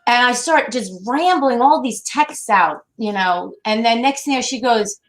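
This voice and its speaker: A woman's voice: a little high, lively intonation, normal speed, a bit bright, soft background music. A woman guest on a casual chat, rambling in an easygoing way. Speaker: guest medium.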